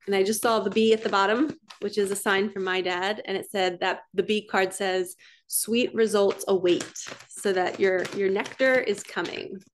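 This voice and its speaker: A woman giving a casual, excitable oracle card reading as a spiritual coach, chatty with gasps of wonder. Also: medium pitch, slight background noise. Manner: chatty and excitable, frequent laughs and gasps, quick then drawn-out.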